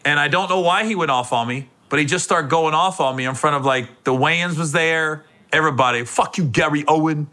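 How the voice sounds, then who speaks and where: A man hosting a podcast, telling comic stories in casual chat, animated and laughing often. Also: a little high, fairly quick, hardly any pauses. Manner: animated, laughing, acts out other voices. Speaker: podcast host.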